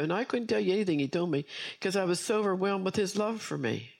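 A woman's voice: on the low side, quick pace, gravelly, a little mellow. A woman preacher delivering an earnest sermon with personal testimony, repeating key phrases for emphasis.

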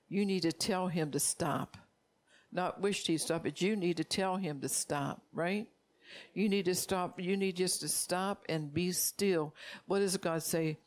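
A woman preaching a sermon, repeating phrases for emphasis and reading scripture aloud as she urges her listeners directly. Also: lowish voice.

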